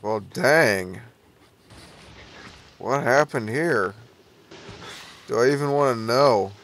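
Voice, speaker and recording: Young guy doing horror game commentary, gravelly voice, slow drawl, kinda nervous, little hiss behind. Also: mid-range voice, fairly bright tone. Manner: nervous, jumpy, laughing it off. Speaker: let's play gamer.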